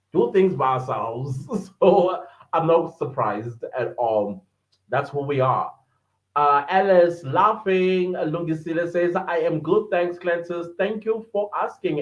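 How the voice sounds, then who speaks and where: Male host, slightly high voice, slow and chatty, laughs often, echoey room. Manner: chatty, laughs often, greets viewers by name. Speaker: podcast host reading live chat. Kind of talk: casual livestream chat. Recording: echoey room, dull lo-fi sound.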